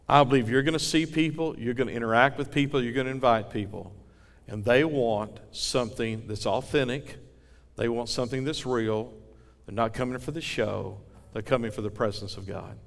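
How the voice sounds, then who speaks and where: A man's voice: mid-range voice, vocal fry, a bit bright. A man preaching a fervent sermon as pastor, telling folksy stories from his church. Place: church sanctuary. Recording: reverberant church hall.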